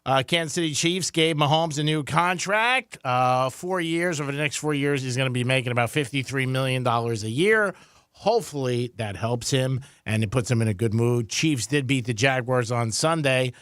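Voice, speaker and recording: A man's voice: medium pitch, normal speed, a bit bright, smooth, no room sound. A man co-hosting a radio show, running through sports scores in an upbeat, chatty way with "uh" fillers, at a studio mic. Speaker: radio co-host doing sports updates. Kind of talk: casual radio sports rundown. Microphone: studio microphone.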